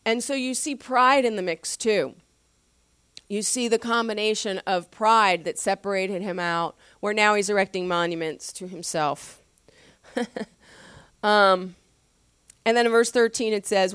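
A woman pastor teaching from the Bible in a casual, conversational way, with animated slangy asides and frequent laughs. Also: mid-range voice, measured pace, clean tone, no room sound, clean studio sound.

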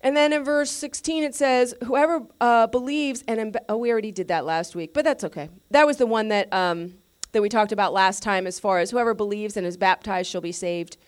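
A woman pastor teaching a sermon in a lively, conversational way, asking her listeners questions and correcting herself as she goes. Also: fairly high pitch, a little fast, smooth. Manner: restarts and self-corrections.

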